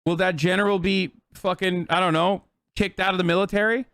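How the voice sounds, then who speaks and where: Man, high voice, heated profane rant, dry close mic. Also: fairly even intonation, a little fast, fairly bright tone, clear, resonant tone, no echo. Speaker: streamer. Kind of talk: political commentary to live chat.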